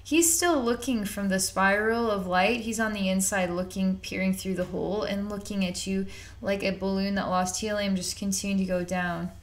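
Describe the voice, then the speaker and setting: A woman's voice: medium pitch, flat delivery, moderate pace. A woman giving an unscripted psychic reading in a rambling, repetitive, conversational way with casual slang. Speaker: psychic reader.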